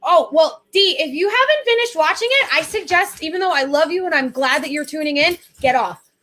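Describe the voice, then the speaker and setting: High-voiced chatty woman podcast host. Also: expressive, a little fast, pushed and bright. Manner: chatty, laughs often, playful. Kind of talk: casual chat.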